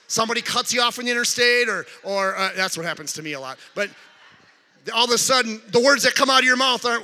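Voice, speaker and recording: A man preaching a sermon as a guest speaker, calling out questions to the congregation and animated in delivery. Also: very high voice, long reverb tail. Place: church sanctuary.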